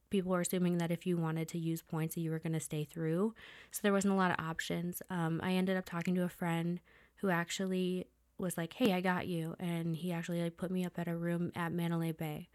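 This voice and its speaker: A woman's voice: lowish voice, a little mellow, no echo, studio quality. A young adult woman hosting a podcast, telling a personal story in a candid, chatty way with many fillers. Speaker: podcast host.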